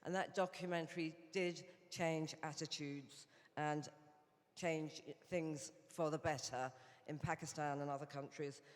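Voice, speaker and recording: A woman's voice: deep voice, steady tone, measured pace. A woman from England with a British accent giving a chatty, anecdotal conference speech as a Rotary International director. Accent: British English. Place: conference hall. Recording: reverberant hall.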